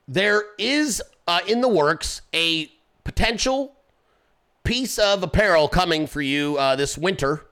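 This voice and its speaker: A man's voice: a little high, bright, forceful tone. A man hosting his own podcast, talking loosely and profanely, joking and swearing through his stories. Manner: acts out voices in anecdotes. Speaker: podcast host. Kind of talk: casual profane commentary.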